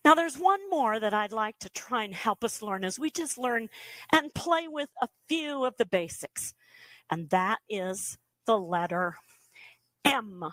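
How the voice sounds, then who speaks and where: A woman leads a beginners' ventriloquism lesson in a slightly high voice, coaching patiently and demonstrating each sound. She takes her time over every point, and the recording is dry and close with no room sound. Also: animated, unhurried, fairly bright tone, no room sound. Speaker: ventriloquism instructor. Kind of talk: beginner workshop instruction.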